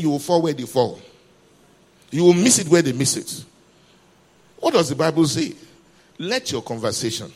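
A man's voice: on the high side, slightly rough. A man preaching a sermon, emphatic and calling for responses from the congregation.

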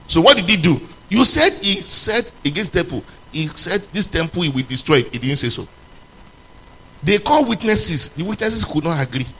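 A man preaching a sermon to a congregation, moving between loud, emphatic questions and low, quiet passages. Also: very animated, normal speed, slightly rough, low-quality recording.

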